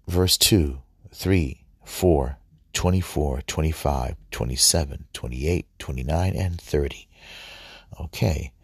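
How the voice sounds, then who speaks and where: A man reading scripture aloud in a slow, halting way, often restarting his words. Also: rumbling low, vocal fry, husky, no echo, studio quality. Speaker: scripture reader.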